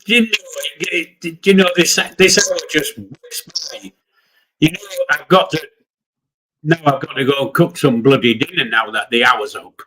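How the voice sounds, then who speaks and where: A man's voice: on the high side, normal speed, pushed and bright, breathy edge, rough recording. An older man with a Yorkshire accent, co-hosting a live stream in blunt, grumbling casual chat. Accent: Yorkshire English. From Yorkshire, England. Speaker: livestream co-host.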